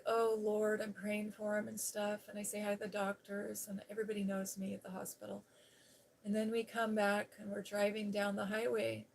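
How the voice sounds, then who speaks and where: A middle-aged woman hosting a live stream, telling a personal story in a chatty, animated way. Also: mid-range voice.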